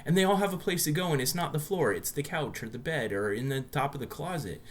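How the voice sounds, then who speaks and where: A man co-hosting a podcast chats casually, telling stories in an easygoing way and laughing often. His voice is on the high side and fast.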